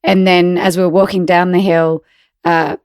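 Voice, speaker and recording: A woman co-hosting a spiritual podcast, telling a personal story in a relaxed way with fillers. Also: on the low side, moderate pace, smooth, no room sound, studio quality. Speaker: podcast co-host. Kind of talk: casual conversation.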